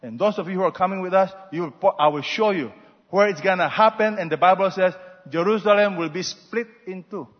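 Pastor man, husky-ish voice, big echoey church hall, muffled mic. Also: sits high, brisk. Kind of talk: sermon. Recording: muffled sound with long hall reverb.

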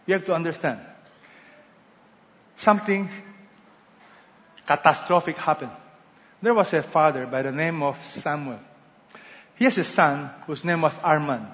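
A man's voice: on the high side, dull audio. Man preaching in a reverberant hall. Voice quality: dramatic storytelling with call-and-response questions. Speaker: pastor. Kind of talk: sermon.

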